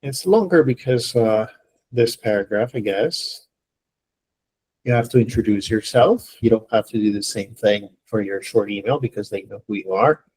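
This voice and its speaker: Guy teaching an english class online, slightly husky voice, jokey and encouraging. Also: on the low side, moderate pace, darkish tone.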